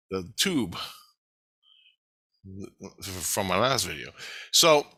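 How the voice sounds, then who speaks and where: A man's voice: mid-range voice, bright, forceful tone, dry recording. Agitated, foul-mouthed middle-aged man. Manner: agitated, heavy swearing, rambling. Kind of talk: casual monologue vlog.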